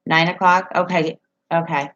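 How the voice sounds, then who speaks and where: Low-voiced chatty woman livestreaming. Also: flat delivery, moderate pace, fairly bright tone, highs cut off. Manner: rambling, chatty storytelling with frequent laughs. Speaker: livestreamer reading viewer comments. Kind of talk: casual live chat. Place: at home.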